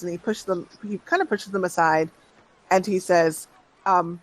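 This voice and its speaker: Unhurried, hesitant game master narrating. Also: mid-range voice, lively intonation, a little hiss or hum, low-quality recording. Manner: unhurried, hesitant, restarts with many fillers.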